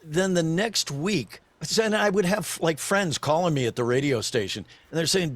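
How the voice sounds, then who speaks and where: A man in his sixties, a voice actor and former radio DJ, telling a story as a podcast guest in an animated way, chuckling and slipping into other voices. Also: a little high, normal speed, hardly any pauses, dry recording. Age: 60s.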